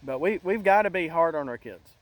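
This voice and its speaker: A middle-aged man hosting a casual monologue, talking in an earnest, halting way with many restarts. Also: a little high, lively intonation, no room sound, rough recording. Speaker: channel host.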